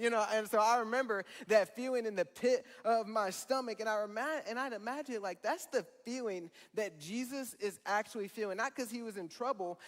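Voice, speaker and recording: A man's voice: high-pitched, big-room sound. A man preaching a sermon to students in a conversational, earnest way, often saying "man" and "let's just be real.". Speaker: student ministry pastor.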